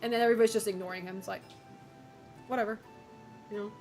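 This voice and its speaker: A woman's voice: medium pitch, fairly even intonation, fast, darkish tone, soft background music. A woman streamer chatting casually with viewers, opinionated, swearing and laughing often.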